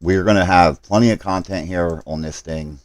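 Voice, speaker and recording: A man's voice: deep voice, normal speed, no echo. A man live streaming a game, talking to his chat while he hurries through setup and apologizes for his mistakes.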